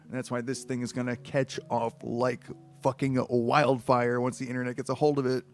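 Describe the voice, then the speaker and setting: A man's voice: mid-range voice, level tone, moderate pace, faint music behind. A man reading a book aloud on a livestream, with rambling, profane, exasperated asides. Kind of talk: comedic read-aloud livestream.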